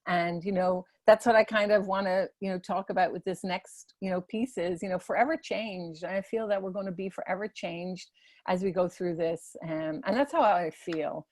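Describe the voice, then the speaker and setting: A woman's voice: fairly low pitch, moderate pace, no room sound. A woman who runs salons, giving a casual, earnest talk to salon leaders with many fillers. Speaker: salon business leader presenting a webinar.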